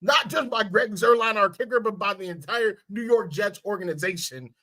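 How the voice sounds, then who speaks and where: An enthusiastic man co-hosts a casual sports podcast. His voice sits high for a man, and he sounds eager. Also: normal speed, sharp tone. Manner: enthusiastic, plugging his channels. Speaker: podcast co-host.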